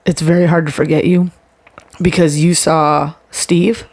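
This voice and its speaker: A woman's voice: low-pitched, flat delivery, unhurried, a little mellow. A woman co-hosting a podcast in casual chat, jumping in to finish her partner's sentences and swearing casually. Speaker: podcast co-host.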